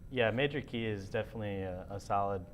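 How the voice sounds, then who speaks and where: A young man co-hosting a casual music commentary show, talking in a relaxed, rambling way with many fillers. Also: on the low side, fast talker, slight background noise. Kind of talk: casual chat.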